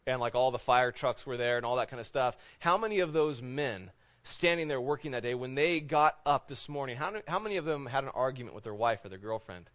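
A man's voice: medium pitch, expressive, a little fast, fairly bright tone, muffled recording. A man in his thirties preaching a sermon in a conversational way, full of rhetorical questions. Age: 30s. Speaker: pastor.

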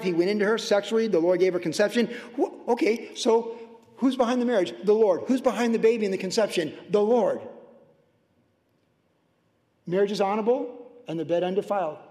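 Preaching with passion from the pulpit, this pastor's high voice alternates between intense surges and quiet, tender remarks. The sanctuary gives his sermon a lingering, ringing reverb.

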